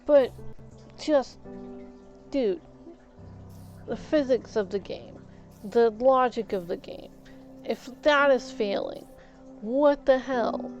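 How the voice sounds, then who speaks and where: A woman streamer offers casual gameplay commentary in a slightly high voice with lively intonation, speaking slowly with long pauses. The recording is muffled, with faint music behind her. Exasperated, she vents, stammers through restarts, and swears mildly.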